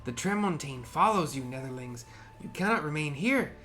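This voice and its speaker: A man's voice: fairly high pitch, animated, moderate pace, pushed and bright, soft background music. A man voicing a solemn male bird-man tribal healer in a video game, with a raised, chanting, ceremonial delivery.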